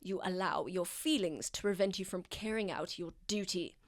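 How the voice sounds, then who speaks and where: A woman's voice: on the low side, moderate pace, no room sound, clean studio sound, close to an everyday voice. A woman voicing a stern male military colonel who scolds his subordinate in clipped, reproachful speech.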